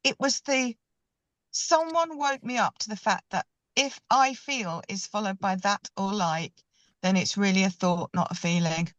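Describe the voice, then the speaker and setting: A woman on a book club video call from a parked car, chatty and expressive. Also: mid-range voice, a little slow, no echo, dull audio. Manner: chatty and expressive, animated when telling anecdotes. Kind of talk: casual group video call discussion.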